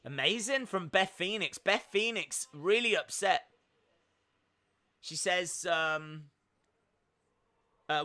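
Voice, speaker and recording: Young male streamer, casual upbeat live reaction commentary, fairly high and bright-toned. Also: animated, takes it slowly, pauses often. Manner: chatty, upbeat, many fillers, reads out chat. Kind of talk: casual live wrestling watch-along commentary.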